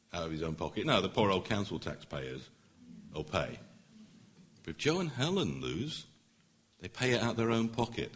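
A middle-aged man, a barrister, addressing a public meeting in an earnest, emphatic way that builds to forceful points. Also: sits low. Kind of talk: public speech.

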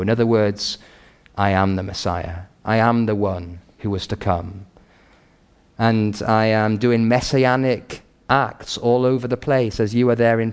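A man preaching a sermon in an earnest, measured and emphatic pastoral way. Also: on the low side, a little mellow.

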